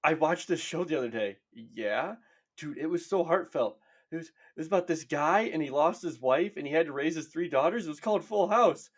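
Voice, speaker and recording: A man's voice: on the high side, expressive, brisk. A man co-hosting a podcast in casual comedic chat, laid-back and playful.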